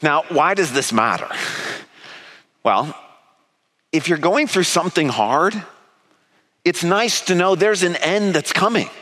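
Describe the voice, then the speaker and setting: A man's voice: a little high, lively intonation, slow, pauses often, pushed and bright. A man giving a sermon in a conversational, storytelling way, earnest and direct. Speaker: preacher. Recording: long reverb of a hall.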